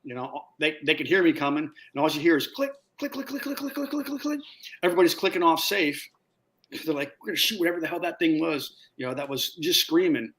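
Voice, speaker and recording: A man guest telling a casual, animated story with laughs, acting out what others said. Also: fairly high pitch, fast. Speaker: guest, former Marine sniper.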